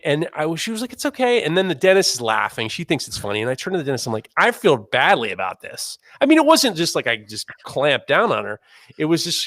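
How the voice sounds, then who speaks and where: A man in his forties telling a self-mocking story in casual chat, animated and swearing as he talks. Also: on the high side, no echo, studio quality. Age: 40s. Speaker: podcast host.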